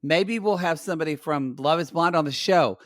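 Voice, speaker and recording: A man's voice: on the high side, brisk. A man co-hosting a reality TV podcast, teasing his co-host and swearing freely in casual chat.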